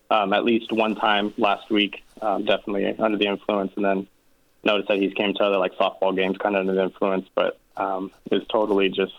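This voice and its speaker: Low-voiced man calling in by phone. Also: a bit bright. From Los Angeles, California. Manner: earnest, many fillers, laughs nervously. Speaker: caller. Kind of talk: phone-in call. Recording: dull lo-fi phone line.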